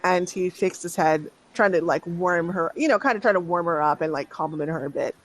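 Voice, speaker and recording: A game master narrating a tabletop game, unhurried and hesitant, often restarting phrases. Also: mid-range voice, low-quality recording.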